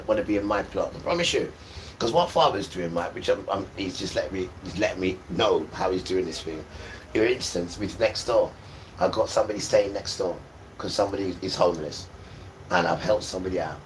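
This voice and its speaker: A man in his fifties rants through a live stream. His lowish voice is bright and forceful, and he hammers the same phrases over and over. He preaches and hurls insults in the same breath. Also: a little hiss or hum, poor audio. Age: 50s. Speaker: livestreamer. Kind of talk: live-stream religious rant.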